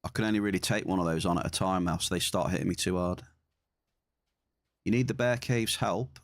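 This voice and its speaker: Male streamer, lowish voice, dry close mic, relaxed banter. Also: a little fast, dry recording. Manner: chatty, reads and answers chat. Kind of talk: casual gaming stream chat.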